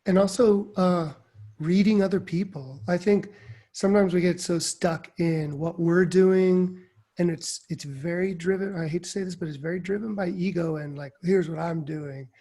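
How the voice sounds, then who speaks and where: A man's voice: high voice, fairly even intonation, moderate pace, dark tone. A man on a writing faculty panel, talking about his craft in a reflective, earnest way with frequent fillers over a video call. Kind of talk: casual panel discussion.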